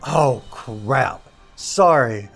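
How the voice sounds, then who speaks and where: An actor playing a confused young intern in an audio drama who talks in a muddled, apologetic way. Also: male voice, mid-range voice, animated, extremely slow, a bit bright, faint music behind, exaggerated voice. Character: bumbling young male intern, confused about time.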